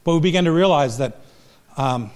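A man's voice: a little high, lively intonation, moderate pace. An older man, a pastor and marriage counselor, giving a humorous, self-deprecating talk to a live audience. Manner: self-deprecating, joking storyteller.

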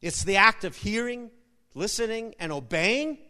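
A man preaching a sermon with jokes, an animated storyteller who repeats words and breaks into sudden loud bursts. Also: sits high, a little slow. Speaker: pastor. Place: church sanctuary. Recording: long hall reverb.

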